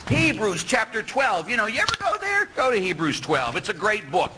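A middle-aged male priest giving a lively sermon, teasing and quizzing his congregation. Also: high-pitched, moderate pace, noisy background. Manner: animated, teasing, asks the audience questions.

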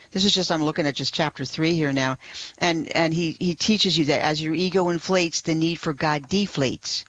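A woman's voice: lowish voice, dry recording, lo-fi sound. Eager lady guest on a radio show, dry close sound, laughs a lot. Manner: enthusiastic, laughs often. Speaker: guest, blog writer. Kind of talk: radio talk show interview.

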